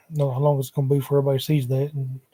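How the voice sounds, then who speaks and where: Man, casual rambling livestreamer, dark mellow voice, dry laptop sound. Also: mid-range voice, level tone, very fast, no echo. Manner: drawling, wandering, muttering asides. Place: at home, sprawled on a couch. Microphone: laptop microphone.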